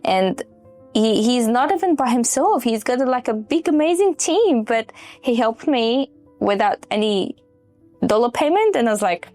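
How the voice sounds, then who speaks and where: Woman from afghanistan, expressive storyteller, acts out quoted dialogue, faint music underneath. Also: a little high, a little slow. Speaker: client sharing her story. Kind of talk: testimonial interview.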